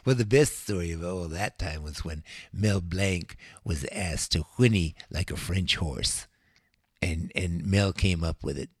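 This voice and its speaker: An older man spins records and talks between them in a low, husky voice. His chat is laid-back and rambling, full of fillers. The sound is close and dry, right on the studio mic. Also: a little slow, no room sound. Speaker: radio DJ. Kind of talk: casual radio chat.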